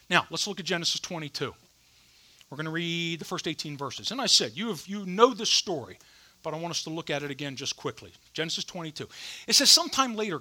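Man preaching, bouncy lively voice that swings all over, kinda bright, chatty and joking. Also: sits high. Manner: animated, conversational preaching with humor. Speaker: pastor. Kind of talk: sermon with scripture reading.

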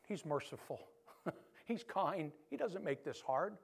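Male pastor, high-pitched, animated conversational sermon delivery, loud-to-soft dynamics. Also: measured pace, gravelly, husky. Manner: animated preaching, swinging between loud emphasis and soft hush.

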